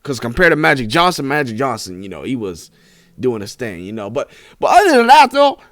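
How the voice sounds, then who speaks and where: A young man reacting to clips, rambling excitedly with lots of fillers. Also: mid-range voice, brisk, dry recording, studio quality. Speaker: reaction video host. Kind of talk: casual reaction commentary.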